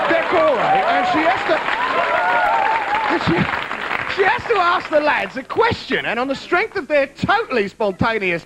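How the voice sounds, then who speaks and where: High-pitched ranting stand-up man. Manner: rapid animated ranting with mocking asides. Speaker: comedy show host. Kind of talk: stand-up comedy monologue. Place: TV studio with live audience. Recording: audience laughter, noisy old TV tape.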